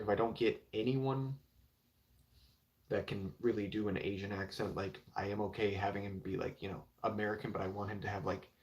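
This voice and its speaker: On a live stream, a young man with a lowish, slightly mellow voice rambles casually about comics, leaning heavily on fillers like "like" and "you know."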